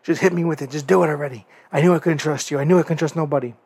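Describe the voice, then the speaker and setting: A betrayed pro wrestler, bitter and self-pitying, whining and accusing in a voice pushed up above a flat, dry, close speaking voice, as a man puts him on while recapping a match on a podcast. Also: on the high side, racing, husky, no room sound, pitched above the performer's own voice.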